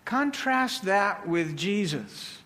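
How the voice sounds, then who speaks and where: Slow, high-voiced male preacher. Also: big pitch swings, bright, forceful tone. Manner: slow, deliberate delivery with measured pauses. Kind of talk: sermon.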